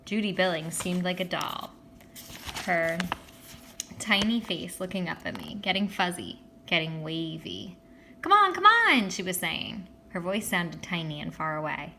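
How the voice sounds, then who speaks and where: Female reader, bright forceful tone, expressive storybook narration that voices every character. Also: fairly low pitch, unhurried, creaky, a little hiss or hum. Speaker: audiobook reader. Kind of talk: reading a children's novel aloud.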